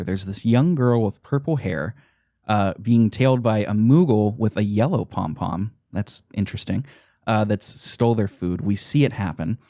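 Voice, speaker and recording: A man's voice: on the low side, darkish tone, no room sound, clean studio sound. A man hosting a podcast, casually retelling a game's story, laughing often and swearing now and then. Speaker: podcast host.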